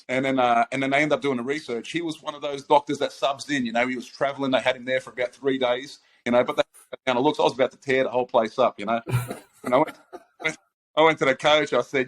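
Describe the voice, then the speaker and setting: A man's voice: mid-range voice, quick pace. A man in casual conversation, telling a personal story with an easygoing, chuckling delivery. He circles back, restarts his phrases and breaks into laughter as the tale builds. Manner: laughing, animated anecdote with many restarts. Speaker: podcast host.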